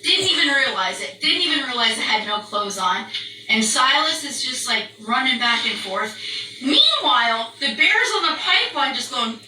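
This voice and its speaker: A woman telling a story in a casual chat, animated and swearing freely, acting out the barks and screams. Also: fairly high pitch, normal speed. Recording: roomy echo, distant from mic, faint background noise.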